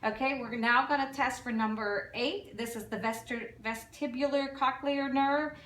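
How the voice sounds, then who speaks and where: A woman in a fairly high voice gives steady, step-by-step instructions during a clinical exam. She is heard from across an echoing room, with faint room noise behind her. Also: normal speed. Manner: calm step-by-step instructions with fillers. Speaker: nursing student doing an exam demo. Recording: echoey room from far off.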